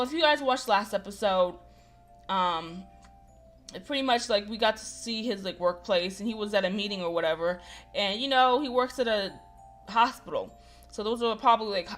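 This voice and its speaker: Chatty young woman playing a game. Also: mid-range voice. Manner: chatty, animated asides to viewers. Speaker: gaming host. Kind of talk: casual visual novel playthrough commentary.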